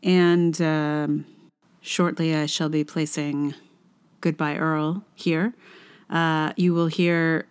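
A woman's voice: sits low, level tone, smooth. A woman from Virginia, hosting her own podcast in casual, rambling chat that keeps correcting itself. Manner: rambling, self-correcting, halting with fillers. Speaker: podcast host.

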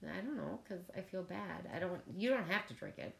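A woman in her forties chatting casually on a podcast, excitable and swearing freely. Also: fairly low pitch, a little fast, vocal fry. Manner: excitable, swears freely, sing-song chanting. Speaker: guest. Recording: echoey room with faint noise.

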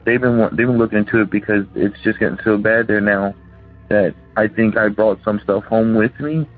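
A man's voice: fairly low pitch, fairly even intonation, normal speed, faint music behind. A man calling in by phone, rambling and hesitant as he tells a personal ghost story, full of restarts and fillers. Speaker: caller telling a ghost story. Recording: tinny phone line.

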